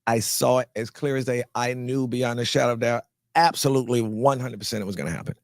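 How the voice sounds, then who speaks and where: A man from North Carolina telling his life story as an actor guest in an interview, animated and acting out the people he quotes, often repeating words as he restarts. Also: mid-range voice, fast talker, vocal fry, no echo, clean studio sound.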